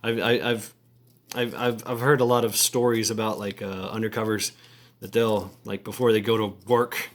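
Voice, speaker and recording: A man talking casually to camera in a halting, rambling way, full of fillers, restarts and crude slangy asides. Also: on the low side, level tone. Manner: halting, many repeated words and fillers. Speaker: vlogger.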